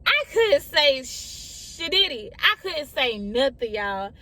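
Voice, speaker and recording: Chatty young woman with a high voice. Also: sing-song, slow, bright, forceful tone. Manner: chatty, repeats phrases, often addresses listeners as y'all. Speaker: storyteller vlogger. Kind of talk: casual storytime chat.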